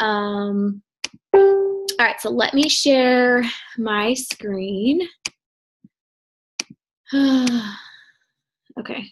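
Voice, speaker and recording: A woman coach leading a video call, chatty and energetic, rambling with fillers. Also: a little high, extremely slow, long pauses, a little hiss or hum. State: out of breath. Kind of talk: casual call chat. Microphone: computer mic on a video call.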